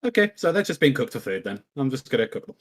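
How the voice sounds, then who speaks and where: A man's voice: mid-range voice, sing-song, fast. A man playing a tabletop game, rambling and hesitant, stopping often to search for words. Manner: rambling, hesitant, many fillers. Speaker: player. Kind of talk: casual tabletop game play.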